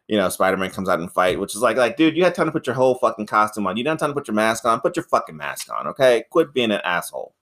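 A man co-hosting a podcast, reviewing a film in casual, profane, rambling chat, laughing often and acting out characters in high voices. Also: fairly bright tone. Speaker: podcast co-host.

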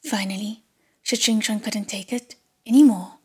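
A woman narrating a novel audiobook in a breathy, half-whispered way. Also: medium pitch, steady tone, measured pace. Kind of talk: scripted narration.

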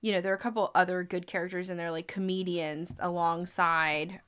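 A woman's voice: lowish voice, fairly even intonation, fairly quick, fairly bright tone, clean tone. Chatty woman podcast co-host. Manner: chatty, restarts, laughs between thoughts. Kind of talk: casual chat about a movie.

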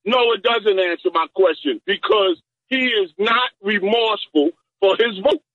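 A man's voice: high voice, very animated, a little slow, fairly bright tone, dry recording. A male caller on the phone pressing his point persistently, stammering and restarting as he is interrupted. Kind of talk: call-in argument. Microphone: phone line. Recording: dull phone-line audio.

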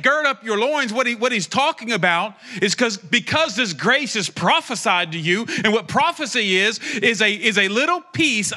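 High, bright-voiced fervent preacher man. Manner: impassioned, joking asides, rising to a fervent pitch. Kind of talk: prophetic sermon.

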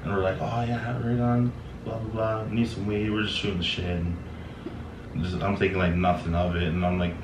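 A man's voice: low voice, flat delivery, moderate pace. Laid-back young man telling stories. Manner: laid-back, swearing, lots of "like" and "man", laughs often. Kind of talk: casual storytelling chat. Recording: echoey room, mic at a distance, noisy.

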